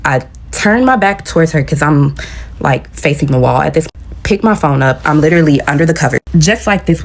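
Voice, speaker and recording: A woman with a low voice tells a story in a relaxed storytime style. Her voice has a gravelly, fried edge, and she retells events with animation, acting out the lines of the people in it. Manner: animated retelling that acts out quoted dialogue. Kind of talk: casual storytime.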